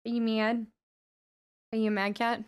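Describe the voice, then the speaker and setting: A woman's voice: on the high side, little pitch movement, normal speed, clear, resonant tone. Chatty woman streamer greeting her chat. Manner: chatty, greets viewers by name. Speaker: game streamer. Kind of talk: casual live-stream chat.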